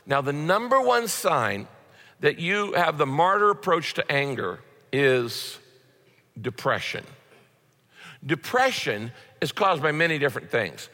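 A man's voice: on the high side, pushed and bright. A man preaching a sermon as a pastor, in a conversational way with frequent repeated words. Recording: long hall reverb.

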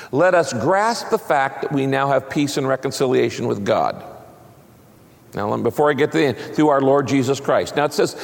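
A man's voice: medium pitch, vocal fry. A man preaching a sermon as pastor, emphatic, with big swings up and down in his voice. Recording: long reverb of a large hall.

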